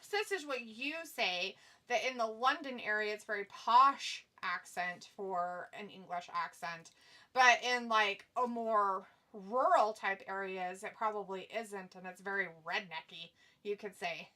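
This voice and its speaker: A woman's voice: mid-range voice, unhurried, sharp tone. A woman co-hosting a live stream, chatting casually, teasing and laughing often while reading viewer comments. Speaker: stream co-host.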